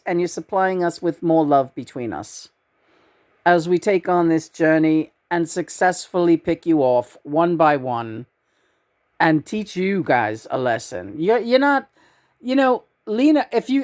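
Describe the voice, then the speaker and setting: A woman's voice: fairly low pitch, darkish tone, natural voice. A woman channeling a lecturing male spirit. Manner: lecturing, addresses the audience as folks.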